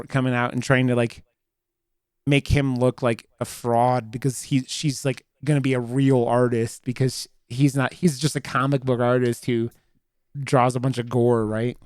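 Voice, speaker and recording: A man with a smooth, clear voice talks through a horror film's plot in loose, casual podcast chat. He rambles and restarts his sentences, leaning on fillers as he goes. The sound is dry and close, with no room around it. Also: mid-range voice, little pitch movement, normal speed, no echo. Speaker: podcast co-host. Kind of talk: casual movie review chat.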